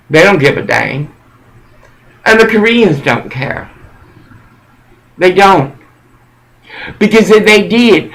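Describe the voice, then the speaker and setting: A man giving a rambling, preachy monologue in an intense, halting way that circles back and repeats phrases. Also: sits high, fairly bright tone, low-quality recording.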